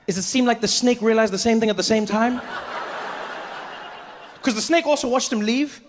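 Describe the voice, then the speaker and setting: A man performing stand-up comedy, telling a story in an animated way with acted voices. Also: very high voice, normal speed, background noise.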